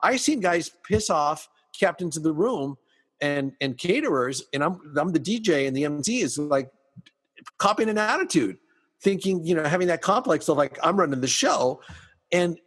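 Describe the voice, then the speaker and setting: Husky man telling lively party stories. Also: fairly high pitch, moderate pace, in a large hall. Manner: animated storyteller acting out dialogue. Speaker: podcast host, party DJ and MC. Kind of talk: casual storytelling chat.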